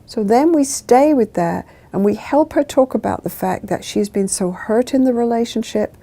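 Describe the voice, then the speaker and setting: A woman psychologist explaining couples therapy in a slow, deliberate, emphatic way. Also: a little high, dark tone. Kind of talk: measured explanatory talk.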